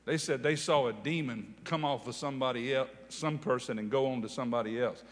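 Man, preacher, sermon testimony, animated storytelling, emphatic, long hall reverb. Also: mid-range voice, a little fast.

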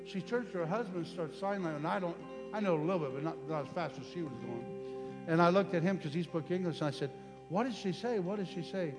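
A man's voice: fairly high pitch, fast. A man preaching and praying at a healing service, fervent and commanding, leading the crowd in call-and-response. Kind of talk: sermon and healing prayer. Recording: reverberant church hall with music. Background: live music.

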